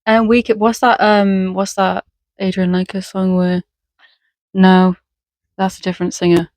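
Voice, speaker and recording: A woman's voice: mid-range voice, little pitch movement, unhurried, a little mellow, no room sound. Woman from wales, podcast co-host, casual rambling chat, giggly, dry close sound. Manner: giggly, rambling, breaks into song.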